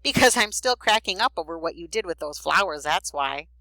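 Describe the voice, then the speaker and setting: A woman's voice: on the low side, expressive, fairly quick, vocal fry, no echo, exaggerated voice, poor audio. A woman voicing a confident, friendly schoolgirl who talks frankly and teases a little, in a storybook reading. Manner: warm, frank, teasing.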